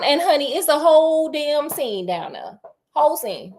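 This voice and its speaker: Her voice is high-pitched and her pace moderate as this woman tells a classic story casually and humorously, slangy and energetic, addressing the audience head-on.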